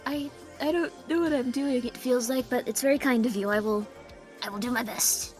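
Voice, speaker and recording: A woman's voice: a little high, normal speed, faint music behind. A woman being interviewed as a guest in a casual chat, modest and playful, laughing easily. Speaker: guest streamer.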